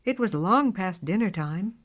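Slow, expressive woman reading a storybook. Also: mid-range voice. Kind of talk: storybook read-aloud. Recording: dull lo-fi recording.

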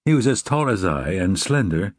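A man narrating a novel in a measured, reflective reading. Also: on the low side, very animated, dry recording, studio quality. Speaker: audiobook narrator. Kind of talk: scripted narration.

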